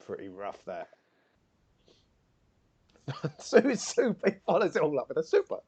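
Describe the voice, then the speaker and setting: A man's voice: a little high, huge pitch swings, unhurried, a little mellow, breathy edge. A man running a tabletop game in a put-on Cockney accent, chatty and full of slang. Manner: chatty, laughing, slang-heavy. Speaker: game facilitator.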